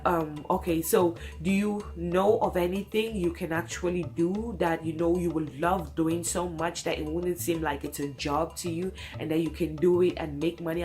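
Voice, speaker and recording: A young woman, a single mother, chatting to camera about her past, laughing often and jumping high in pitch when excited. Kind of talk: casual story-time chat to camera. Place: home, late at night.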